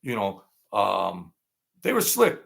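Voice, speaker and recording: A man's voice: on the low side, wildly swooping pitch, slow, gravelly, fairly bright tone. A man telling stories in a rambling, blunt, streetwise way, often repeating himself. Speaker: storyteller recounting mob-era experiences. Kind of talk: casual rambling storytelling.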